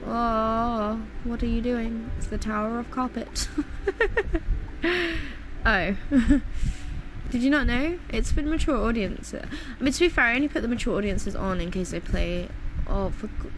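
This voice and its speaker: A woman's voice: on the high side, measured pace, background noise. A British woman chatting casually to her viewers while she plays a game, giggling often. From Britain. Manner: chatty and giggly, talks to chat. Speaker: streamer. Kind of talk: casual live-stream chat while gaming. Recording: clear background music. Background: music.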